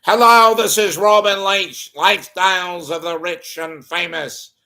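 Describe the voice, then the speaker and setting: A man doing an over-the-top impression of a flamboyant older celebrity TV host, announcing grandly in a high, loud voice. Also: steady tone, measured pace, exaggerated voice. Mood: grandiose.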